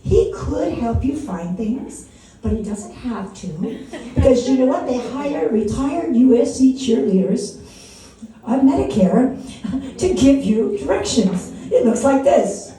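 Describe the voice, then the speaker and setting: A Wisconsin woman in her sixties performs a rambling, self-mocking stand-up set in a small comedy venue, laughing at her own jokes. Her voice is fairly high, animated, unhurried, and mellow, captured from a distance in an echoey room.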